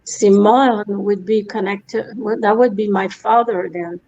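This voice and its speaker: A woman, her voice mellow and a little muffled over a video call. She answers in short, hesitant replies, with a middle pitch. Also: fairly even intonation, measured pace. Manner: brief, tentative replies. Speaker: sitter receiving a reading.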